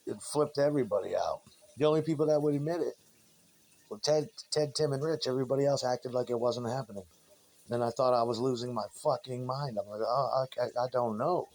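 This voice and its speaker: A man's voice: mid-range voice, normal speed, long pauses, mellow. Rambling, cursing man telling stories. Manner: meandering, profane, frequent restarts. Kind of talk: rambling casual monologue.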